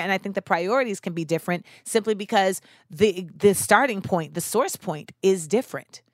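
A woman's voice: mid-range voice, fairly bright tone, no echo, studio quality. A young woman hosting a podcast, talking in an earnest, thoughtful monologue and often saying "you know" and "like.". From United States. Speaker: podcast host.

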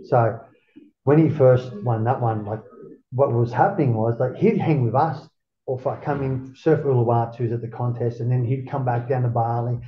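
A man's voice: mid-range voice, steady tone, normal speed. A middle-aged Australian man telling a rambling, profane story in casual chat and acting out what people said. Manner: rambling, profane, acts out quotes. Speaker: guest, former surfer. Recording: roomy, dull lo-fi sound.

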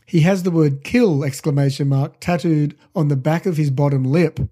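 Co-host type: man with a slightly high, mellow voice, casual and halting. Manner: reads trivia aloud with hesitant fillers. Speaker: podcast co-host. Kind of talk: casual chat.

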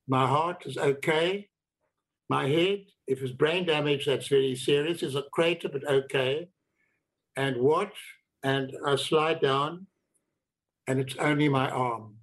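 An older man, recounting his own life story in a reflective, deliberate way, repeating words for emphasis. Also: a little high, poor audio. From South Africa. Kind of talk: personal storytelling.

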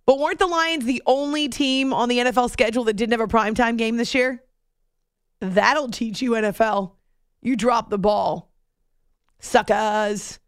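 A woman's voice: a little high, moderate pace, smooth, no echo, studio quality. A woman hosting a sports talk show, chatty and playful, with joking asides to her producer.

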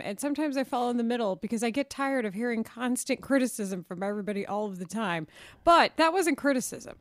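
Woman, fairly high voice, sports radio co-host, lively, dry studio mic. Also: normal speed, no room sound. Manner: lively, laughing, questioning.

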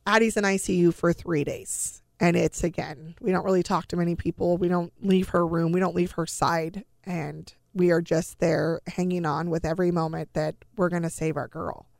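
A woman's voice: lowish voice, steady tone, moderate pace, gravelly, few pauses, dry recording, studio quality. A middle-aged woman, a mother and guest in an interview, telling her own story in an earnest, conversational way, often repeating words. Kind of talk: emotional personal storytelling in an interview.

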